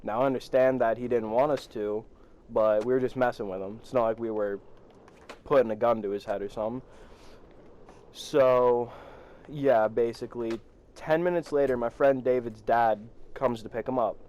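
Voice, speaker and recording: A man's voice: mid-range voice, steady tone, normal speed, darkish tone, dull audio. Rambling teenage guy telling a story. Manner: rambling, profane, laughs while telling. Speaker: vlogger. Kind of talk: storytime vlog.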